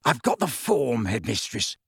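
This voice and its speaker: A man voicing a gleeful, wheezy old male school caretaker who mutters hoarsely in a low voice. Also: very animated, a little slow, no room sound, studio quality, heavily acted. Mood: gloating.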